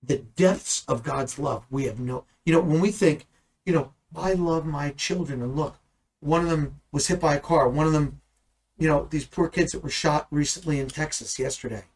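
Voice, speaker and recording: Earnest husky man teaching scripture. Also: on the high side, moderate pace, darkish tone, rough recording. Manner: earnest, rising to emphatic bursts. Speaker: Bible teacher. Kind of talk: conversational Bible teaching.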